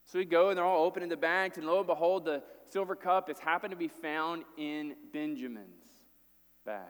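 A man's voice: a little high, moderate pace, clear, resonant tone, long reverb tail. A man preaching a sermon, retelling a story with acted-out quotes and casual asides.

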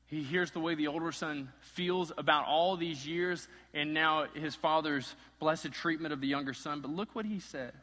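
Male pastor, sermon, impassioned, fairly high voice, long hall reverb. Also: moderate pace. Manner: impassioned, swings from loud to hushed.

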